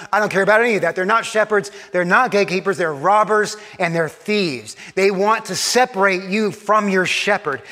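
A male pastor delivers an earnest sermon in a high, bright voice. He presses hard on his points, then sinks to a hushed, soft delivery. His voice rings out with the long reverb of a large church hall. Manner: earnest preaching, rising emphatic then dropping to hushed soft tones.

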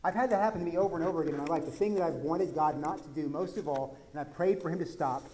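A man from Texas, a pastor, preaching a conversational sermon that swings from quiet asides to loud, emphatic peaks. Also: fairly high pitch, racing, slight background noise.

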